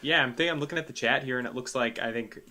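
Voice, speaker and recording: A man's voice: medium pitch, very fast, pushed and bright. A man co-hosting a casual fantasy football podcast, thinking aloud and hedging as he talks. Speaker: podcast co-host. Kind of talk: casual sports chat.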